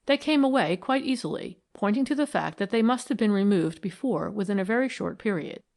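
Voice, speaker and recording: Woman, audiobook narrator, classic mystery, even deliberate read, gravelly. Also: mid-range voice.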